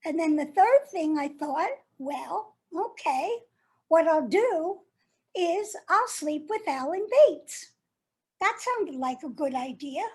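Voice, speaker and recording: A woman's voice: very high voice, expressive, takes it slowly, full character voice. An actress playing a jilted woman who turns bitter and sardonic as she addresses her former lover in a stage monologue. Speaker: actor performing a monologue.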